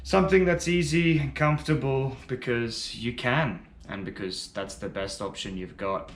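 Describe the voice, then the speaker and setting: A man's voice: mid-range voice, normal speed, roomy sound. A man giving casual, enthusiastic first-reaction commentary on music, rambling a little and swearing now and then. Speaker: music reaction video host.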